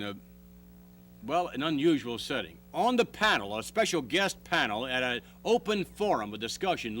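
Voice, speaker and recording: Formal wordy talk show host. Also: male voice, medium pitch, fairly bright tone, a little hiss or hum. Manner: formal, mock-pompous wordy questioning.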